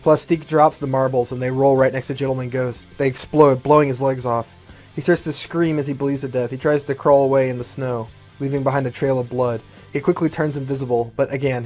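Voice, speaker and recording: A man narrating his own fan-written movie plot in a plain, steady storytelling voice, with light commentary. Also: mid-range voice. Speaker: YouTuber.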